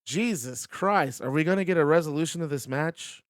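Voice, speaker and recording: A man's voice: on the high side, fast talker, clear, resonant tone. A man streaming a wrestling video game, giving play-by-play commentary and chatting with viewers in between.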